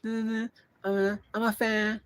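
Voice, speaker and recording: A man putting on the voice of an eager young female fan who greets him excitedly. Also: moderate pace, clear, resonant tone, no room sound. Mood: bubbly. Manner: bubbly, high-pitched put-on girl voice.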